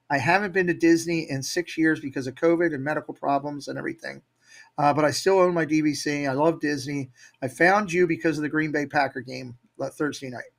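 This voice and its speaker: A man's voice: fairly high pitch, creaky. A man with an upbeat, motivational manner, telling stories as a guest in a casual interview. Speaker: guest, Disney YouTube creator.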